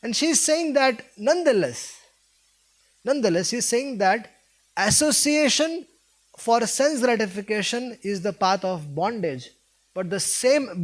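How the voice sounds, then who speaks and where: A man giving a devotional talk, retelling a scripture story and voicing its characters with feeling. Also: high voice. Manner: asks listeners questions. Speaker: preacher.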